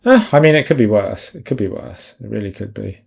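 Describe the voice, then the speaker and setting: A man's voice: fairly low pitch, very animated, brisk, creaky, a little mellow, slightly rough. A man chatting casually on a live stream while he draws, rambling and putting himself down, his thoughts often trailing off. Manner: rambling, self-deprecating, trailing off. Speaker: concept artist streamer.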